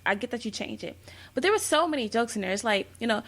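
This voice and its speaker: A woman's voice: a little high, expressive, fast talker. Chatty woman movie podcast co-host. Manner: chatty, lots of "like" and restarts. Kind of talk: casual movie review chat.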